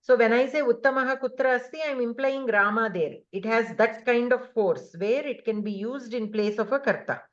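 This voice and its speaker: Lady teacher on a video call, kinda high voice, patient, muffled audio. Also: fairly quick, hardly any pauses. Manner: patient, explains step by step with fillers. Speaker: Sanskrit grammar teacher. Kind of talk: online class explanation.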